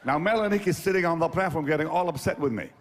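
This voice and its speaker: A man preaching with a high voice that rises and swells as he drives his point home. He tells his story in an emphatic, dramatic way and leans on repetition. His words ring out with a long reverb, as in a large hall. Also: fast talker. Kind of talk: sermon storytelling.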